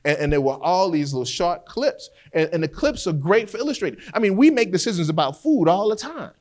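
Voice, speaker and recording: Lively higher-voiced man lecturing. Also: brisk. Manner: animated storyteller who repeats words as he restarts. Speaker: criminal defense lawyer teaching trial skills. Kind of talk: lecture with courtroom storytelling.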